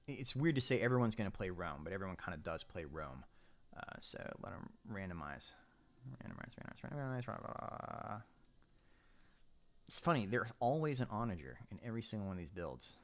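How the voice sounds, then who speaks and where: A man's voice: low-pitched, animated, a little fast, a bit bright. A man giving casual gameplay commentary as a streamer, chatty and thinking aloud while he sets up his army. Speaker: game streamer.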